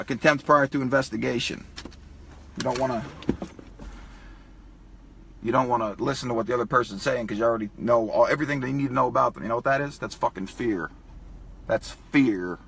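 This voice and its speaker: A man's voice: medium pitch, a little fast, vocal fry, pauses often, bright, forceful tone, slight background noise. A man talking emotionally in a profane vlog, crying and choked up as he speaks. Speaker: vlogger.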